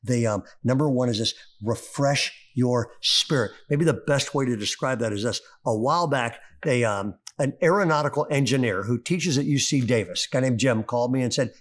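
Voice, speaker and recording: A middle-aged male pastor preaching a sermon, telling a story with rising excitement. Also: medium pitch, fairly quick. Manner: animated storyteller, voice climbing when excited.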